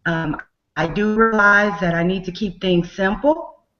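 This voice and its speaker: A woman joining a coaching call as a participant, speaking gratefully and hesitantly with many pauses. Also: medium pitch, sharp tone, faint music behind. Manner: slow, grateful, hesitant with fillers. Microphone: video call. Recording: muffled video call audio.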